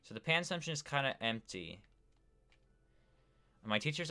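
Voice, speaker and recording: A gaming streamer live-streams a building game, rambling casually to his chat and filling his talk with fillers. His medium-pitched voice is sing-song and sharp, clean in tone, at a moderate pace.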